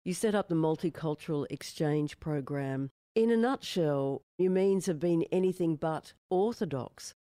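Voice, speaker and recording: Interview host, mellow tone, close dry sound, measured and articulate. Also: mid-range voice, smooth, dry recording. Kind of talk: interview questions.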